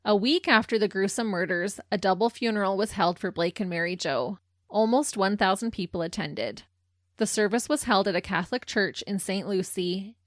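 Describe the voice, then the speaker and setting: A woman's voice: mid-range voice, no room sound, studio quality. A woman co-hosting a true crime podcast, reading the case and then joking with her co-host. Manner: giggly and teasing in outtakes. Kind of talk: scripted true crime narration and casual banter.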